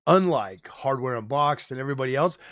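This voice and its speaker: A man ranting on a live stream, animated and profane, full of slang like "bro" and "dude.". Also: mid-range voice, brisk, dry recording, clean studio sound. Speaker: tech streamer host. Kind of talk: casual live-stream rant.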